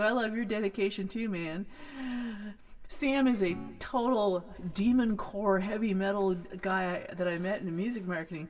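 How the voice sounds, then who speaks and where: A woman with a West Coast American accent, a folk singer hosting her live stream and chatting excitedly with viewers between songs. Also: medium pitch. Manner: chatty, excitable, greets viewers warmly by name. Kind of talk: casual chat between songs.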